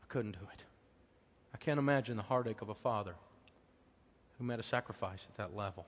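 A middle-aged American man preaching a sermon as pastor, telling personal stories in a conversational way that swings from loud emphasis to hushed tenderness. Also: fairly low pitch, brisk. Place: church auditorium. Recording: long hall reverb.

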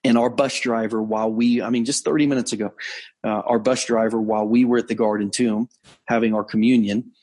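A man, a pastor, telling a story in a conversational sermon, earnest, slowing down to stress key points. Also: mid-range voice, flat delivery, darkish tone. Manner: earnest storytelling, frequent restarts and slowed emphasis. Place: on location abroad.

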